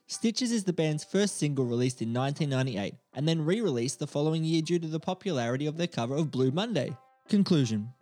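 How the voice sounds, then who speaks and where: Casting: Australian male podcast host, a touch high-voiced, playful and chuckly, faint music behind. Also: darkish tone. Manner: jokey, chuckles while reading. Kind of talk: casual podcast chat and reading aloud.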